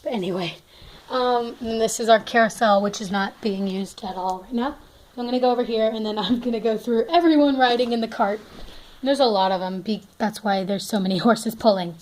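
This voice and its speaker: A woman's voice: fairly high pitch, fairly quick, a little mellow. A young woman giving a casual, rambling tour of her toy horse barn, full of fillers and self-corrections.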